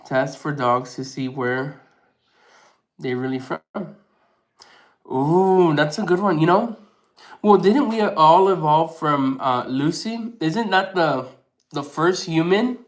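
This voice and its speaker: A man chats casually with his viewers while he eats on camera. He takes his time with each thought and answers comments in a relaxed, unhurried way. He laughs often. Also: fairly high pitch. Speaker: mukbang host. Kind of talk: casual live chat while eating.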